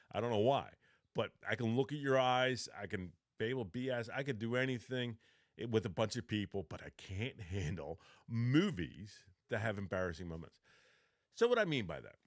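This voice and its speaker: Man, low voice, dry close sound, casual advice talk, rambling, self-correcting. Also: sing-song, normal speed, no echo. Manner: rambling, self-correcting, acts out both sides of a mock interview. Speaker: podcast host giving job interview advice. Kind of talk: casual advice talk with role-played practice.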